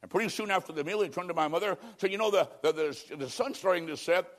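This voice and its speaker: A man with a high voice preaches an evangelistic sermon at a fast pace, telling a story and pleading with dramatic swings between loud and hushed delivery.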